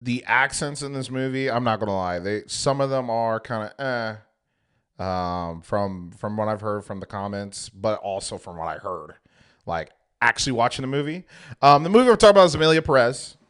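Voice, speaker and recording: A man's voice: mid-range voice, expressive, normal speed, a bit bright, clear, resonant tone. A young man co-hosting a podcast in casual chat, rambling with lots of fillers. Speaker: podcast co-host.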